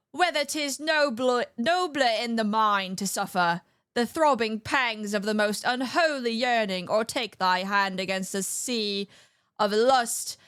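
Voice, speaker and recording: A woman's voice: on the high side, a bit bright, no echo, clean studio sound. A woman voicing a pompous mock-Shakespearean orator in a put-on English accent, declaiming grandly. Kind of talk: comic parody recital.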